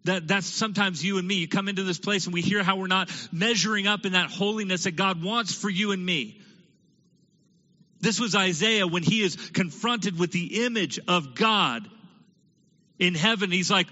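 Bright-voiced preaching man in echoing hall. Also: high voice, normal speed. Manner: preaching in rhetorical questions, swinging from loud emphasis to hushed. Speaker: pastor. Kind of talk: sermon. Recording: dull lo-fi sound with long hall reverb.

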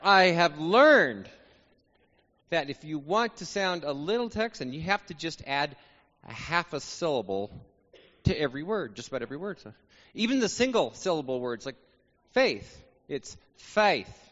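A man's voice: a little high, very animated, moderate pace, fairly bright tone. A man from New Mexico speaks to a congregation as a guest preacher. He is joking and self-deprecating. His voice carries a long reverb from a large church hall, and the sound is somewhat muffled. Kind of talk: sermon opening. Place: church sanctuary.

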